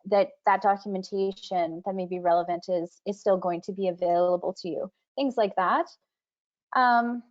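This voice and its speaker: A woman's voice: mid-range voice, fairly even intonation, moderate pace. Woman speaking on a muffled video call. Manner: conversational, many fillers and restarts. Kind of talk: webinar panel talk.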